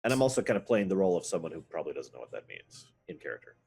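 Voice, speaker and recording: A man's voice: low voice, sing-song, racing, creaky, a little mellow, a little hiss or hum. A man playing a tabletop game, joking and theatrical. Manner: playful, jokey, theatrical. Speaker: player.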